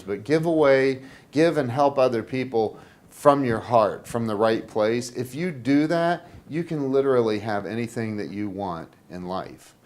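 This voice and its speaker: Rambling man with a smooth voice. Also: mid-range voice. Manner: rambling, many restarts and fillers; gets excited telling a story. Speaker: company founder hosting a web show. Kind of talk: casual talk to camera.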